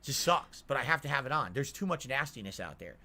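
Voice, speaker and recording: A man's voice: medium pitch, sing-song, quick pace, bright, forceful tone. A male streamer complaining at length in an indignant, ranting monologue.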